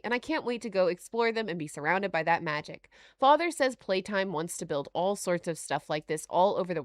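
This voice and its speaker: A woman hosting a live stream, reading notes aloud and reacting to chat with frequent laughter and animated asides. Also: medium pitch, dry recording. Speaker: livestream host.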